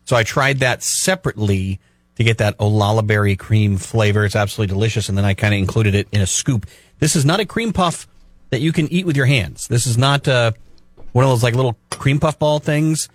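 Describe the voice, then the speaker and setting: A man's voice: medium pitch, brisk, no echo. A male radio co-host talking with casual enthusiasm and building up his description. His mid-range voice is recorded dry and close. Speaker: radio traffic and weather reporter.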